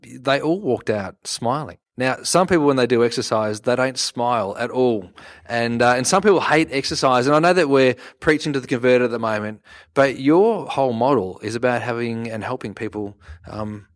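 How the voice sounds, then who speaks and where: Casting: male podcast co-host, mid pitch, loose joking delivery. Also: normal speed. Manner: chatty, joking, many fillers. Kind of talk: casual interview chat. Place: conference venue.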